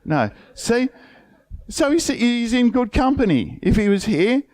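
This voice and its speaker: A man's voice: extremely high pitch, sing-song, unhurried, a little mellow, no room sound, clean studio sound. A middle-aged man with an Australian accent, a pastor preaching a sermon through a chatty personal story full of colloquial slang and acted-out dialogue. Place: church.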